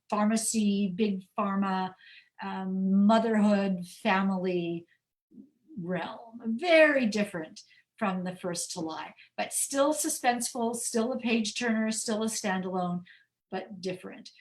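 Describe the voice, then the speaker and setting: A woman author answering audience questions in a chatty, animated way on a video call, often restarting her phrases. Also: medium pitch, low-quality recording. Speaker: author guest.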